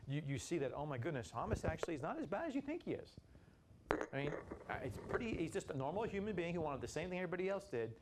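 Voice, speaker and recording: Animated man teaching a Bible study. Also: medium pitch, background noise. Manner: animated, acts out voices of people in the story, casual slang.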